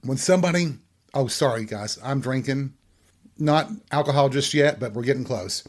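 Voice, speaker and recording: A man with a drawl hosts his own late-night rant show. His talk is crude and sarcastic, full of mocking asides and swearing. His voice sits at an ordinary middle pitch for a man. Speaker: podcast host. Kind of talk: profane comedic rant.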